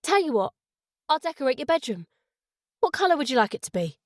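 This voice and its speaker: Audiobook role: a woman doing a guilt-ridden father, forced brightness over strain, kept near her own voice. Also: sits high, big pitch swings, brisk, no echo, clean studio sound, voice pushed up. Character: guilt-ridden young father, forcing lightness.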